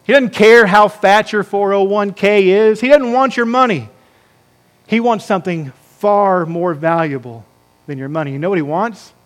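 A man. He speaks emphatically and stretches out important phrases for weight. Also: sits high. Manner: emphatic, slows down to stress key words. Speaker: pastor. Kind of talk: sermon. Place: church sanctuary.

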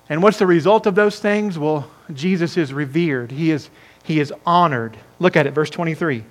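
A man's voice: on the high side, moderate pace. A male pastor preaching a sermon to his congregation, emphatic and repeating words for emphasis. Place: church sanctuary.

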